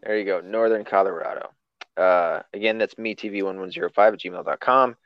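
A man's voice: on the low side, steady tone, brisk, smooth, dry recording, lo-fi sound. A man hosting a casual podcast chat, loose and profane, laughing often. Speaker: podcast host.

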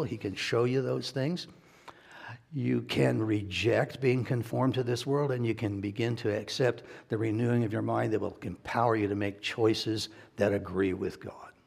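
A man's voice: mid-range voice, creaky, a little mellow, breathy edge. A male pastor giving a sermon in a conversational, joking way, often laughing.

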